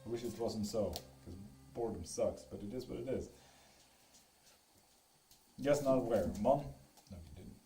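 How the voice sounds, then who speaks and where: A man's voice: lowish voice, normal speed, pauses often, dark tone. A man from Sweden reading tarot on a live stream at home, chatting casually with viewers in a teasing way and swearing freely. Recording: roomy echo with music behind.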